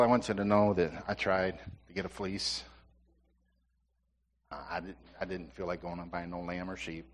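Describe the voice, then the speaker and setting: A man's voice: on the low side, slight background noise. Man preaching in a reverberant church hall. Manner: conversational preaching, asides to the congregation, playful storytelling. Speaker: pastor. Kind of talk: sermon. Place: church sanctuary.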